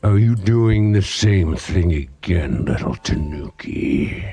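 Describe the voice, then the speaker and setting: A man voicing a smug, self-important male aquatic gremlin boss who speaks slowly and grandly. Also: sits low, expressive, warm tone, pitched below the performer's own voice, full character voice. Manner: slow, pompous and self-important.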